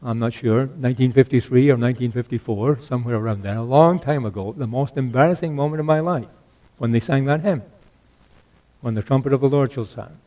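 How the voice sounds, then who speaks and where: An older man delivers an earnest sermon at a slightly quick clip, his medium-pitched voice repeating key phrases. He swings between loud exhortation and hushed asides.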